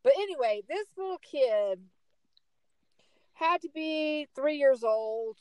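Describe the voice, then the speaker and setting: A middle-aged woman telling a story in casual chat, emphatic and animated. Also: slow pace, dry recording, low-quality recording. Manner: animated, emphatic storyteller with big swings in pitch.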